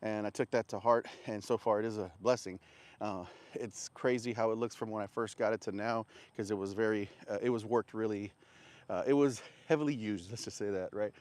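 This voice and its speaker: A man's voice: fairly low pitch, fairly even intonation, a little fast, darkish tone, dry recording. Breathless man livestreaming on a walk. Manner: talks while walking, panting. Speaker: barbecue vendor livestreaming. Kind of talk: casual livestream chat. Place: outdoors on a walk.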